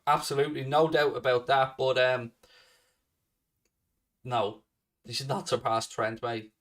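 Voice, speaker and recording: Male host, mid pitch, blunt sweary chat answering questions, recorded a little off-mic. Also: level tone, measured pace, fairly bright tone, recorded from a distance. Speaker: fan channel host. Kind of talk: casual live Q&A chat.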